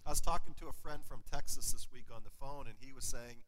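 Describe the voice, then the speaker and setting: A man's voice: mid-range voice, fast talker, slight background noise, low-quality recording. A man preaching a sermon to his congregation, asking them questions and joking with them. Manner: lively, engages congregation with questions and humor. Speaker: pastor. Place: church sanctuary.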